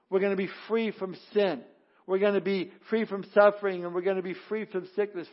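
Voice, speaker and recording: A man with a high voice preaches from the pulpit as a pastor, pressing his points with rising emphasis and stumbling restarts. The sound is dull and a little lo-fi. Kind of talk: sermon.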